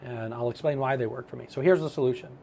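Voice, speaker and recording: A middle-aged man giving a motivational self-help talk, animated and storytelling as he acts out his own thoughts. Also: medium pitch, fast.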